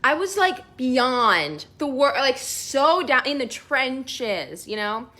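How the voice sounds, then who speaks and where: Young adult woman, casual vlogger, somewhat high pitch, animated, chatty with filler words and laughter. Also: slow pace. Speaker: storyteller. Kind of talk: casual storytime vlog.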